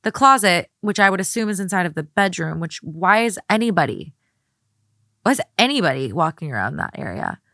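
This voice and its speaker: A woman's voice: lowish voice, sing-song, fairly quick, pushed and bright, no room sound, studio quality. A woman co-hosting a podcast, blunt and sarcastic, swearing freely. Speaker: guest co-host. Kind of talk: casual podcast chat.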